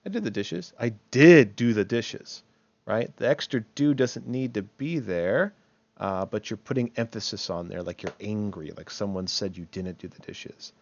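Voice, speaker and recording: A man's voice: lowish voice, animated, normal speed, lo-fi sound. A man teaching English grammar in a recorded online lecture, chatty and thinking aloud, often checking in with "right?" and correcting himself as he goes.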